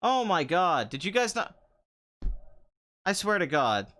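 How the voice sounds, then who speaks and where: A man's voice: high-pitched, big pitch swings, takes it slowly, pushed and bright. A young man hosting a casual chat show, answering viewer comments in a sarcastic, rambling way and laughing often. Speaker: podcast host.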